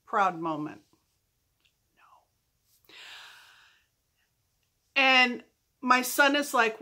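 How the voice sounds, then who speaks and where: Slow-talking, bright-voiced woman telling a story. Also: medium pitch. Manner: animated, self-mocking storytelling. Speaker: vlogger. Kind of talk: storytime vlog.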